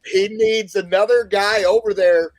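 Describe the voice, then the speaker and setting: A man's voice: high-pitched, fairly even intonation, unhurried, over a noisy crowd. Man telling a rambling story. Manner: rambling storyteller, swears freely. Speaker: podcast co-host. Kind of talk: casual chat.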